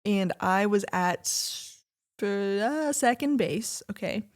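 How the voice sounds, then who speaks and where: A young woman co-hosting a casual couples podcast, chatty and quick to laugh as she tells stories. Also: medium pitch. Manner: chatty storyteller, animated, laughs often. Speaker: podcast co-host. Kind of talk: casual chat.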